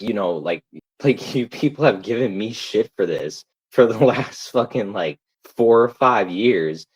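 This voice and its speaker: A man's voice: low voice, slightly rough, poor audio. A man ranting angrily to his livestream viewers, heated, profane and repetitive. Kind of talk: angry livestream rant.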